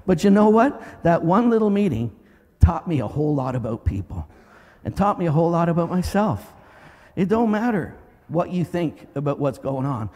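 A middle-aged male pastor preaching a sermon, telling a story with lively energy and breaking into loud commanding shouts. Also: a little high. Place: church sanctuary. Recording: long reverb of a large hall.

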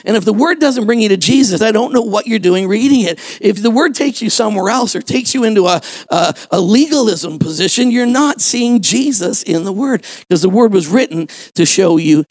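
A man with an unusually high voice preaches to his congregation. He builds to shouted emphasis and keeps throwing rhetorical questions at the room. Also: lively intonation, normal speed, hardly any pauses, dry recording. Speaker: pastor. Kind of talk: sermon. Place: church, before a congregation.

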